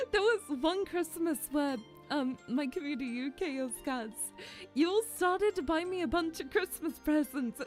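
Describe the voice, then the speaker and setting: A young woman VTuber chatting casually with her viewers, giggly and emotional. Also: very high-pitched. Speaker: VTuber streamer. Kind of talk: casual chat with stream viewers.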